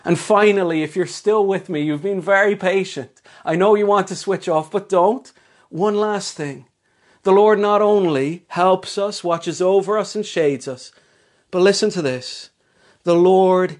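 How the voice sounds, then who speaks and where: An Irish man preaching a sermon as pastor, slowing right down to stress scripture and tossing rhetorical questions to his listeners. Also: high-pitched, darkish tone. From Ireland.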